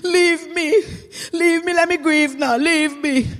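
A sharp-tongued widow, as a woman storyteller puts her on. She waves off a meddling friend in an emphatic creole cadence, her voice carrying a long hall reverb. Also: high voice, unhurried. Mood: pleading.

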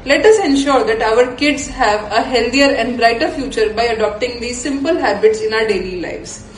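A woman's voice: on the high side, moderate pace, slight background noise. A woman doctor with an Indian accent, giving an upbeat, scripted health talk with emphatic repetition. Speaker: endocrinologist hosting a health show. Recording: roomy echo.

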